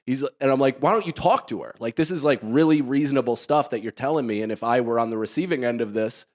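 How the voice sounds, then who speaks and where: Middle-aged male co-host, casual comic storyteller, laughs through his own bits, average pitch. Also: fast talker. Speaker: podcast co-host.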